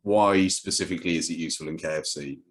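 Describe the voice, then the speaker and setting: A man hosting an interview, teasing his guest with dry, deadpan humor over a video call. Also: low-pitched, fast talker. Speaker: host. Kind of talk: casual interview chat.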